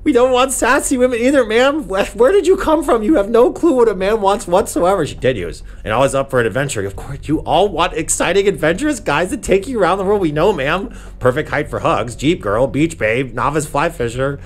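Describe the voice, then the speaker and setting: A man's voice: high voice, lively intonation, a little fast, few pauses. Sarcastic man hosting commentary. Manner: sarcastic, exasperated, keeps addressing "ma'am". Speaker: commentary channel host. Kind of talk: reaction commentary vlog.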